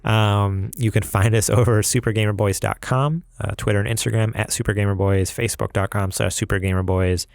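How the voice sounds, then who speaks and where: Gravelly low-voiced podcast co-host from upstate New York, chatty and laughing. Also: male voice, a little fast, few pauses, dry recording, studio quality. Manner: laughs often, relaxed plugs. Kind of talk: casual podcast chat.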